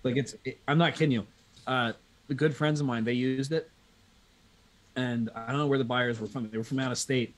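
A man from Pennsylvania, a business coach and guest in a casual chat, who tells animated stories and acts out the people in them. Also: medium pitch, fairly quick. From Pennsylvania, USA.

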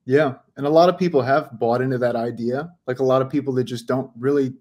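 Relaxed male interview host. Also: medium pitch, quick pace. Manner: relaxed, agreeable, conversational. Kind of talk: casual interview chat.

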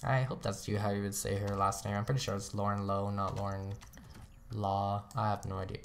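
A man's voice: on the low side, steady tone, fast talker, a little hiss or hum. A young man casually commenting on his gameplay as a let's play host, chatty and rambling, often laughing at himself.

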